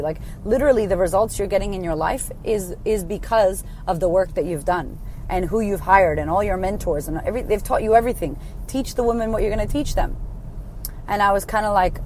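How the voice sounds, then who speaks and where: A woman in her thirties, a life coach, telling her story in a blunt, sweary, animated way. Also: medium pitch, fairly quick, slight background noise. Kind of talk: casual storytelling to camera.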